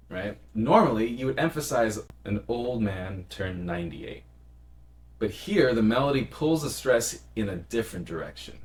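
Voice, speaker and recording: A man casually explaining song melody and lyric stress as a music teacher, in a friendly, conversational way. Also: on the low side. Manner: explains in a friendly, conversational way and sings short phrases.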